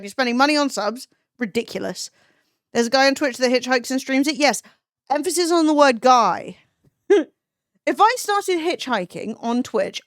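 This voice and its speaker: High-voiced chatty woman. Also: a bit bright, dry recording, clean studio sound. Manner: chatty, swears freely, laughs often. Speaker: live streamer. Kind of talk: casual live-stream chat, reading chat.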